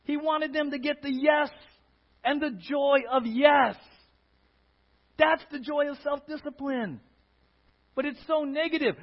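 Animated high-voiced male pastor preaching. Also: normal speed. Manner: animated, playful, swings from quiet to loud. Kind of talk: sermon. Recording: dull lo-fi sermon audio.

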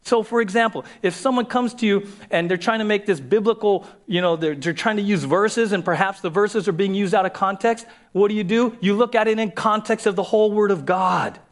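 A man's voice: sits high, brisk, few pauses. A man preaching a sermon as a pastor in a conversational way, repeating key phrases and acting out quoted voices.

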